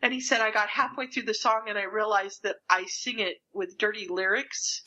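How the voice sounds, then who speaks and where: Bright-voiced woman telling an anecdote. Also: mid-range voice, moderate pace, highs cut off. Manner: animated anecdote telling, acts out quotes. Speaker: podcast co-host. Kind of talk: casual podcast chat.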